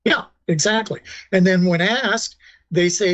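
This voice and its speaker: Slightly high-voiced man, measured explanations. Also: fairly bright tone, no echo, dull audio. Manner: measured, explanatory, with frequent fillers. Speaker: guest, former ranger and paranormal researcher. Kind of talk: casual interview talk.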